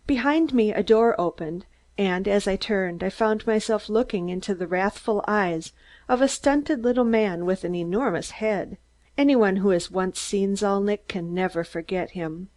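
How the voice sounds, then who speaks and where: A woman narrates a vintage mystery audiobook. Her reading is measured and expressive, with a mid-range voice. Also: mid-range voice. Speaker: audiobook reader.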